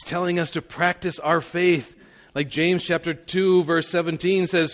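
A male pastor delivers an earnest Sunday sermon, sometimes building to emphatic declarations. His voice sits a bit high for a man, and a long reverb trails it through the sanctuary. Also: level tone, unhurried, a bit bright.

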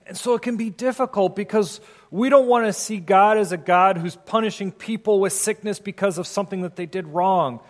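A chaplain preaches in a loose, conversational way, now and then acting out the prayers he quotes. His voice sits high for a man. The sound rings out with a long hall reverb. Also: a little fast, few pauses. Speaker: hospital chaplain. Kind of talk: sermon.

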